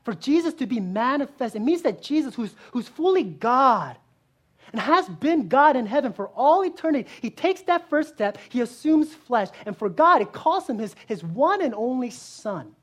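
Earnest woman preacher, high voice. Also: big pitch swings, normal speed. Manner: earnest, rhetorical questions, swings between loud emphasis and soft hushed lines. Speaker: pastor. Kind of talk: sermon.

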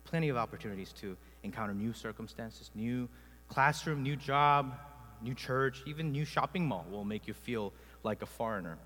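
Korean-born pastor preaching in a reverberant hall. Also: male voice, medium pitch, moderate pace, a bit bright. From South Korea. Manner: conversational storytelling with frequent filler sounds. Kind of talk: sermon.

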